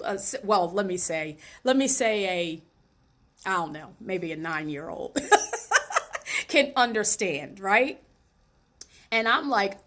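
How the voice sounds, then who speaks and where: A woman speaking as host of her own show, relaxed and conversational as she tells a personal story. Her delivery is animated and chatty, and she talks straight to her viewers. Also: medium pitch. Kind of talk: casual personal storytelling monologue.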